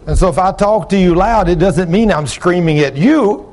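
An older man preaching a folksy sermon, talking loud and gruff, telling plain-spoken stories and asking the congregation questions. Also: high voice, moderate pace. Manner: loud, gruff, rising into shouts when acting out stories; plain-spoken, ungrammatical storytelling with audience questions.

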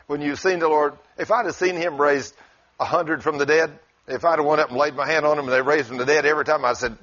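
A man's voice: a little high, steady tone, fast talker, fairly bright tone. A man who preaches, telling a story in casual conversation in a folksy way and chuckling as he goes. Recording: dull lo-fi recording.

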